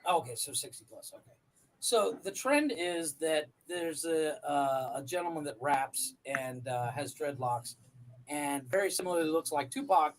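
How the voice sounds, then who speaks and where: A woman's voice: low-pitched, expressive, normal speed. A woman co-hosting a comedy podcast, playful and giggly in casual chat. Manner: giggly, playful, laughs often. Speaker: podcast co-host.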